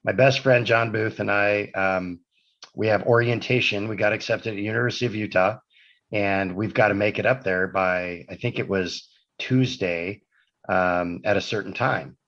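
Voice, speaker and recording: Man telling a rambling story, low voice. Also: fairly even intonation, moderate pace, a bit bright. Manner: rambling anecdotal storytelling with self-corrections. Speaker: podcast guest. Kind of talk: storytelling in casual conversation. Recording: dull lo-fi podcast audio.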